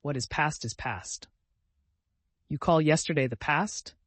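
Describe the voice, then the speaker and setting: A man's voice: a little high, a little slow, a bit bright, husky, no echo. A man reading the part of a young man who is cold, bored and self-absorbed, speaking in a languid, dismissive way.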